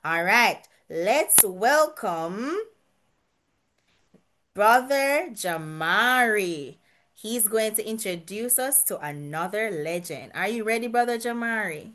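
A woman's voice: medium pitch, animated, slow pace, fairly bright tone. A woman hosting a casual quiz over a video call, chatty, laughing often and restarting her sentences. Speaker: quiz host at an online church gathering.

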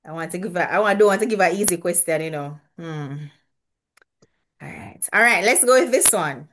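A woman's voice: fairly low pitch, moderate pace, a bit bright, a little hiss or hum. A woman hosting a casual quiz over a video call, chatty, laughing often and restarting her sentences. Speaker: quiz host at an online church gathering.

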